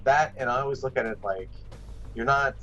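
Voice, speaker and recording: A man's voice: mid-range voice, brisk, lo-fi sound, over music. A man co-hosting a casual gaming podcast, talking in a blunt, wry, offhand way. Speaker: podcast co-host.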